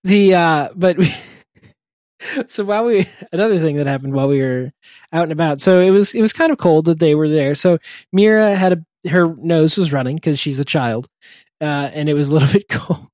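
A man and parent chatting casually, telling funny anecdotes in halting bursts, laughing often and breaking off mid-sentence. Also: a little high, darkish tone, no echo, studio quality. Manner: chuckling, halting, self-interrupting anecdotes. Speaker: podcast co-host, parent. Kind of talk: casual chat, storytelling.

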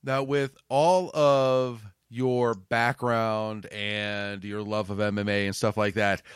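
A man hosting an interview podcast, asking unhurried questions and giving short replies. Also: on the low side, flat delivery, smooth, no echo, clean studio sound. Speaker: podcast host. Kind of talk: casual interview.

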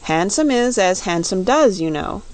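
A woman voicing a big, kindly wanderer who talks gently and with elaborate politeness. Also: medium pitch, animated, measured pace, lightly acted. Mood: sad. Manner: courteous, gentle.

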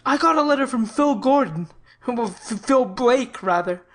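A woman's voice: high-pitched, expressive, normal speed, voice pushed up. Woman reading an earnest young man in love. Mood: tender. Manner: tender, heartfelt confiding. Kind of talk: audiobook character reading.

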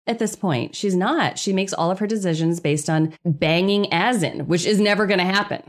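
A woman with a low voice hosts a podcast recap in relaxed, casual chat. She is sarcastic and exasperated, and she often jumps into high mock outrage. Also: moderate pace. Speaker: podcast host.

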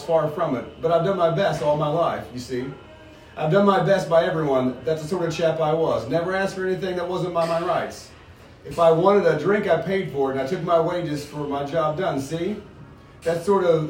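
Man voicing a self-righteous grumbling ghost, a bit high, recorded from across an echoey room. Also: slight background noise, close to an everyday voice. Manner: indignant, emphatic reading aloud. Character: blustering resentful male ghost, self-righteous. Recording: roomy, distant mic.

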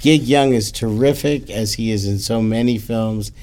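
A man's voice: on the low side, moderate pace. A man co-hosting a casual chat about classic films, who likes to share trivia with the listeners. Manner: lively, shares film trivia. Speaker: podcast host.

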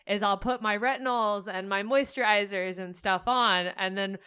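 A young woman telling candid, animated stories in casual chat, swearing freely. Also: mid-range voice, normal speed, clean tone.

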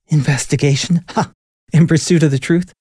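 A man's voice: medium pitch, lively intonation, unhurried, dark tone, no room sound, studio quality, pitched above the performer's own voice. A man narrating a story, voicing an angry, stubborn woman skeptic with a scornful, grumbling manner.

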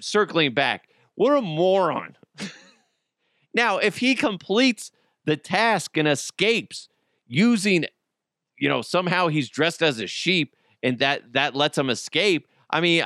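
A man's voice: fairly high pitch, a bit bright, no room sound, studio quality. A man hosting a casual comedy podcast, mocking news stories with crude jokes and frequent laughter. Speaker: podcast host.

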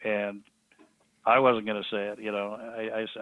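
A man, a podcast guest, telling a story in a halting, earnest way with many restarts. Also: fairly low pitch, level tone, dry recording. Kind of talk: storytelling in an interview. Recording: thin phone-like line, dry.

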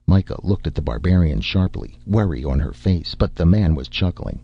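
A man reading a story aloud as a narrator, in measured scripted narration. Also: sits low, animated, breathy edge, dull audio. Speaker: audiobook narrator.

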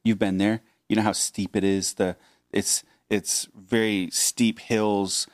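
A man co-hosting a podcast who reads Bible passages and talks them over in a measured, thoughtful way. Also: on the low side, level tone, no room sound, clean studio sound. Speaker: podcast co-host. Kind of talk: Bible reading and casual discussion.

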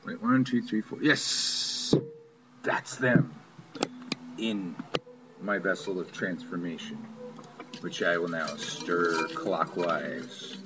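A man's voice: low voice, slow, long pauses, loud music behind the voice, rough recording. A man casually talking through a money spell he performs on camera, offhand and wry, swearing now and then. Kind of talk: casual talk-through of a ritual. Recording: steady background noise.

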